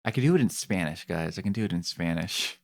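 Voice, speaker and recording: A male streamer chats casually into a desk mic while he plays a game. His usual voice sits low. He turns excitable quickly, and his voice leaps up high when something amuses or surprises him. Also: vocal fry.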